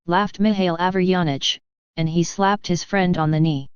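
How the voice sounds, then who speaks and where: A woman narrating an audiobook in a steady, even reading. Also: fairly low pitch, moderate pace, clear, resonant tone, dry recording. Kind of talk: scripted narration. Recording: dull lo-fi.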